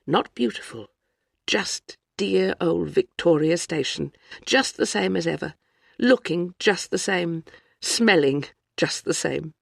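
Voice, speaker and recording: An audiobook narrator giving a measured, even scripted narration of a novel. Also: medium pitch, vocal fry, dry recording, clean studio sound.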